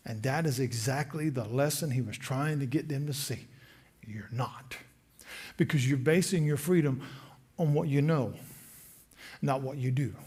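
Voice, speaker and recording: A man with a Southern American accent preaching a sermon in a church, animated, acting out the crowd's indignant replies. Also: mid-range voice, unhurried, long pauses, breathy edge. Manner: animated, acts out voices of the crowd. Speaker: pastor. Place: church sanctuary.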